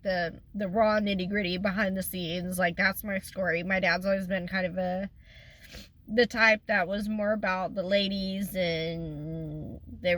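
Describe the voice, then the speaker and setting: In a casual personal vlog, a woman with a mid-range, slightly bright voice talks in a rambling, emotional way. At times she's tearful, trailing off and starting again.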